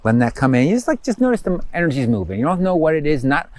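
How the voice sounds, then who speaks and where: A man giving casual guided instruction as a spiritual teacher, rambling with many fillers and slowing down for affirmations. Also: fairly high pitch, big pitch swings, noisy background.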